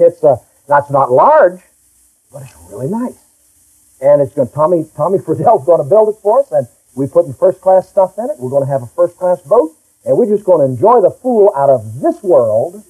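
A man's voice: sits high, dark tone, slightly rough, poor audio. A middle-aged male pastor preaching a folksy, emphatic sermon and reading scripture aloud.

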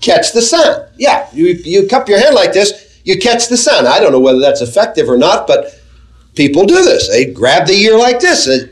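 A man preaching a sermon to a congregation, earnest and measured, asking them questions as he teaches. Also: high voice, very animated, low-quality recording. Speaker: pastor.

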